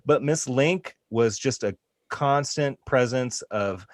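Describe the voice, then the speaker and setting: A man's voice: mid-range voice, slow pace, dry recording. A man, a school counselor hosting a school podcast, talking upbeat and joking with guests. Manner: upbeat, joking, talks to students. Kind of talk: casual podcast chat.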